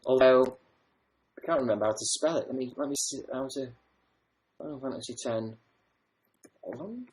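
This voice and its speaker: Chatty young man with a softened northern English accent. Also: medium pitch, fairly even intonation, a little fast, pauses often. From northern England. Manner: chatty, rambling, swears casually. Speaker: livestream host. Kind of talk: casual chat reading viewer comments.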